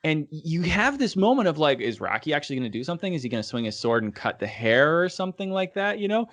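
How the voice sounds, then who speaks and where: A man's voice: on the high side, fast talker. A man co-hosting a casual podcast discussion, talking enthusiastically about a scene he loved. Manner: enthusiastic and animated. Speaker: podcast co-host.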